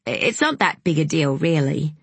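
A woman reading as a quiet, guarded young mother. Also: sits low, big pitch swings, normal speed, husky, no echo, full character voice. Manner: quiet and dry.

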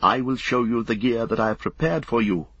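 A man reading a noble young shieldmaiden in a gentle, solemn way, with a husky voice. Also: mid-range voice, a little fast, no echo, lo-fi sound, pitched above the performer's own voice.

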